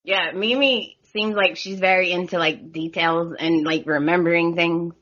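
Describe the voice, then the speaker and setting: Southern US woman guest, bright and giggly, hesitant, slightly dull sound. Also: lowish voice, steady tone, moderate pace. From southern United States. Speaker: podcast guest. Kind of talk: casual chat.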